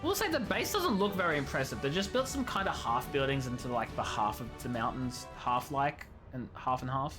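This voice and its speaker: A man's voice: mid-range voice, very animated, brisk, hardly any pauses. A young man casually commenting while he plays a game, joking and rambling and laughing often. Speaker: game streamer. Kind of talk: casual live gameplay commentary. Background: game music.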